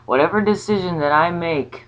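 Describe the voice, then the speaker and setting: A woman talking casually about a spiritual ritual, rambling and halting with many restarts. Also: lowish voice. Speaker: vlogger. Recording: slightly dull lo-fi sound.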